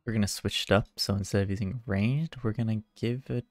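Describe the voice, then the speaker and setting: A man chatting casually through his own gameplay, self-mocking and quick to get excited. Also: lowish voice, no room sound. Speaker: gaming video creator. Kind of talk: casual game commentary.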